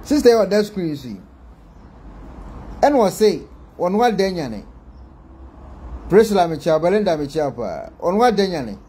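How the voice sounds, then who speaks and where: Excitable Ghanaian vlogger man, high and warm, chatty commentary. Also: measured pace, pauses often, slightly rough. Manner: excitable, animated, mixing Twi and English. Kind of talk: casual commentary to viewers.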